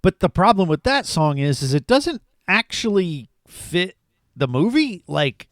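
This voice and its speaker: A man's voice: sits high, sing-song, measured pace, no echo. Guy on a podcast rambling happily about a movie, dry sound. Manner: enthusiastic, rambling with fillers. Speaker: podcast co-host. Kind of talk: casual movie review chat.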